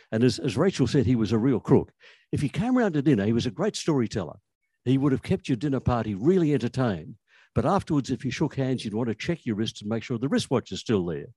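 Speaking with a dark, husky mid-range voice and no echo, an older Australian author gives an informal talk on how language developed. He tells anecdotes and frequently starts his sentences over.

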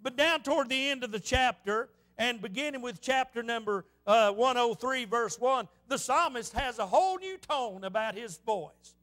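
High-voiced man preaching with fervor. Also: normal speed, few pauses, a bit bright. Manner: impassioned preaching with frequent amens. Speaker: pastor. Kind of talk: fervent sermon. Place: church.

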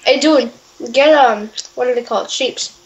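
A woman's voice: high voice, moderate pace, rough recording. A woman new to the game, chatting casually, unsure and full of questions. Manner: unsure and hesitant, asks lots of questions. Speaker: new player. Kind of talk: casual gameplay chat.

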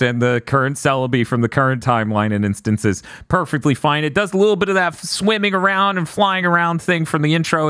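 A man hosting a podcast, recapping a film in a jokey, animated way and slipping into silly voices for the characters. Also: on the high side, no room sound, clean studio sound. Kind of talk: casual comedic movie recap.

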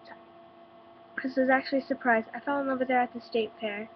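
Over a humming, dull lo-fi webcam, a stuffy-nosed teenage girl who's been ill rattles through a laid-back home vlog full of likes and ums. Her voice sits high, moving fast with fairly even intonation.

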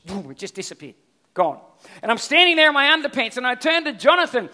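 A middle-aged Australian man delivers a sermon in a high voice. His tone is bright and forceful, and he tells stories with lively energy, circling back over his points. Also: fast. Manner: storytelling, animated, repeats himself. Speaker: pastor.

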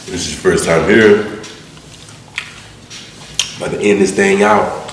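A man chats casually while he eats, relaxed and a little mumbled between mouthfuls. His voice sits very low. The room is echoey, with a faint hiss behind him. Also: measured pace, pauses often. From Atlanta, US. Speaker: mukbang host. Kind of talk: casual eating vlog chat. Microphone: close mic for eating sounds. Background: eating and crunching sounds.

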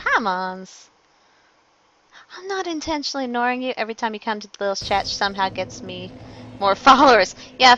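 A woman's voice: medium pitch, a bit bright, dull audio, a little hiss or hum. A woman streaming a game, chatting casually with viewers and joking about her own play. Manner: chatty and self-mocking, greeting chat viewers. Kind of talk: casual gameplay commentary.

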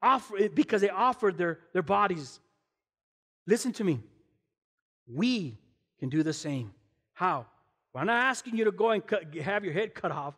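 A man preaching as a guest pastor, animated and emphatic, firing rhetorical questions and slipping in casual slang. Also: high voice, moderate pace, pauses often, slightly rough. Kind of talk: sermon. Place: church sanctuary. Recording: long hall reverb in a church.

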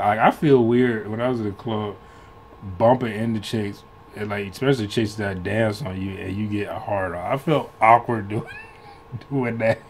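A man's voice: lowish voice, slight background noise. A man hosting a reaction video in casual, rambling commentary, swearing freely and laughing often between loose, restarting sentences. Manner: laughs often while talking.

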